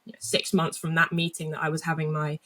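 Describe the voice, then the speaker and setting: A young woman from England, a guest in an interview, sits in the lower part of her range. She is reflective and unhurried in a conversational way. Her storytelling circles back with fillers and restarts. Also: monotone, bright, forceful tone. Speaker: guest athlete.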